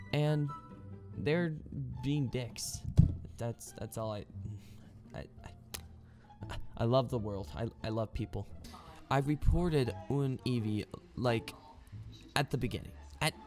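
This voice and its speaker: A man ranting furiously over his gameplay at home, swearing constantly and stammering through restarts. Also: mid-range voice. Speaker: gaming video creator. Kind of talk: gameplay commentary rant.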